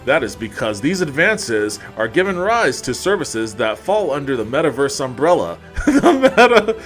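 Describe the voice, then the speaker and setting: Lively, giggly male podcast host. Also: mid-range voice. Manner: laughs often, breaks into giggles mid-sentence. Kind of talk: casual podcast chat and mock-formal reading.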